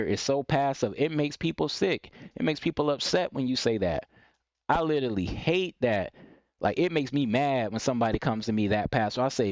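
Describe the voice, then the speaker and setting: A live stream host doles out blunt, repetitive dating and self-improvement advice in a monologue, using an expressive, mid-range voice at a moderate pace with a darkish tone. He's preachy, repeats his points, and mocks timid phrasing through quoted voices. The recording is dry and dull.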